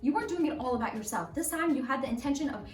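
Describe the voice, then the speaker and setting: Woman doing a calm wise old rabbi. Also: high voice, racing. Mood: explaining. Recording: roomy echo, distant mic, faint music.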